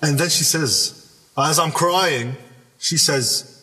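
Speaking slowly in a fairly high voice, a man appears as a podcast guest sharing a personal story in conversation. Animated and emphatic, he repeats words and starts over; the distant mic picks up room reverb and a little hiss or hum.

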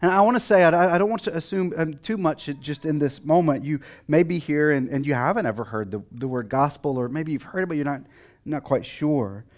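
A man's voice: a little high, brisk. A man from Texas with a light Texan accent, a pastor giving a conversational sermon full of fillers and restarts.

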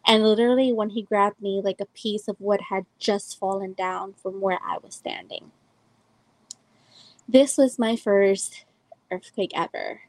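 A woman's voice: medium pitch, a little slow, darkish tone, no echo, poor audio. A woman in her twenties from El Salvador, hosting a podcast and telling a personal story in a loose, rambling way with many fillers. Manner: rambling, heavy use of "like" and "um". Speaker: podcast host.

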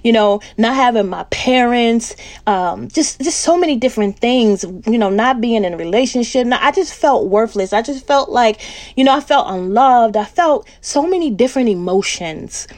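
A woman minister shares a heartfelt testimony in a sermon style. Her voice sits a touch high and she repeats phrases for emphasis, speaking straight to the congregation as family. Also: expressive, moderate pace, a little mellow. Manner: emotional, repeats phrases, addresses listeners as family.

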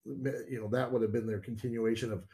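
A man's voice: mid-range voice, steady tone, fairly quick, darkish tone. A man co-hosting a movie podcast in casual chat, laughing easily and rambling as he retells scenes. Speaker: podcast co-host.

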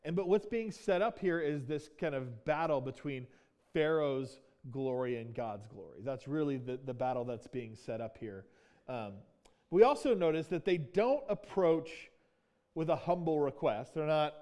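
A man's voice: fairly high pitch, expressive, measured pace, darkish tone. A man preaching a sermon as pastor, teaching in a conversational way, often asking "right?" and acting out quoted lines.

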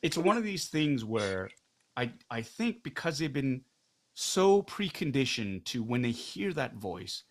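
A man's voice: mid-range voice, sing-song, measured pace. Emphatic middle-aged man. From Canada. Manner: emphatic, rhetorical questions, frequent "right?". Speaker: interview guest, actor. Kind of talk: candid conversational interview.

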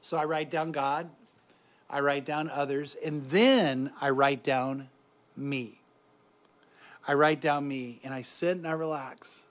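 A middle-aged Christian speaker guides a meditation in a reflective devotional talk. His voice is a little high, steady, and slow, and he speaks softly, often trailing off into quiet.

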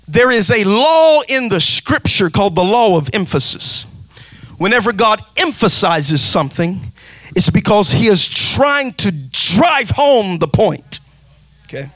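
A man preaches in a high, ringing voice. He builds emphasis through repetition and breaks into shouted, half-sung cadences. The sound is close and dry, with no room echo. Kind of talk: sermon.

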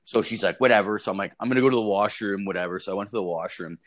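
A young man with a somewhat low voice spins a rambling, profane story. His delivery is loose and casual, packed with filler and curse words. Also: very fast.

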